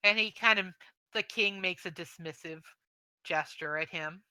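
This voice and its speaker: A woman runs a tabletop game, narrating slowly with many pauses and fillers. Her voice is very bright and crisp. It is recorded close and dry, with no room sound. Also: fairly low pitch, dry recording, low-quality recording. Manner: slow, halting narration with fillers. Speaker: game master.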